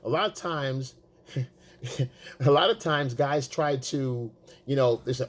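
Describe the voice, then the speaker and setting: A man's voice: mid-range voice, takes it slowly, pauses often. A man talking as a dating coach, casual and profane, repeating himself for emphasis. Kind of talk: casual coaching talk to the camera.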